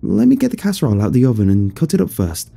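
Man playing casual friendly host, brisk coaxing lines, deep gravelly voice, husky, storybook reading. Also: huge pitch swings, mellow, faint music behind, heavily acted. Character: the narrator's younger self, a friendly host.

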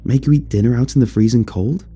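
A man's voice: medium pitch, fast, mellow, slightly rough, faint music behind, close to an everyday voice. A man voicing the story's narrator in casual, coaxing dialogue lines of a spoken horror story. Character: the narrator's younger self, a friendly host.

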